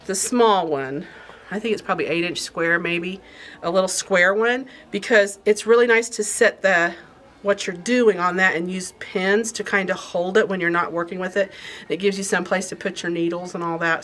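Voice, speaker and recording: A woman's voice: lowish voice, fairly bright tone. A middle-aged woman hosting a casual show-and-tell in a craft shop, bubbly and rambling, often sidetracked. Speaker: quilt shop host.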